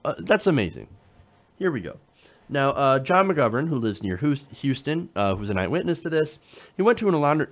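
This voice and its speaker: A man hosting casual political commentary, talking conversationally with sarcasm and frequent fillers. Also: mid-range voice.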